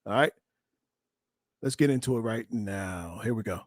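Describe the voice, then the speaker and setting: A man's voice: fairly low pitch, normal speed, no echo. A middle-aged man, a relationship coach, commenting on a clip for his viewers in an emphatic, preachy way, often restarting his sentences.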